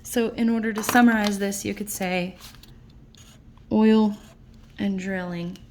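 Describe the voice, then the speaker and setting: A tired woman teacher explains class notes at a very slow, patient pace, her voice sitting at a middling pitch. A faint hiss runs under the recording. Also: fairly even intonation. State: tired, yawning late at night. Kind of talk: recorded lesson walking through notes.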